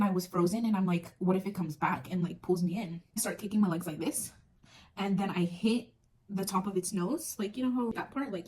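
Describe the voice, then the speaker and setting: This young woman's medium-pitched, darkish voice comes through a far-off mic with a bit of faint noise. On her vlog she tells a personal story in a chatty, filler-heavy way, playing out moments as she talks.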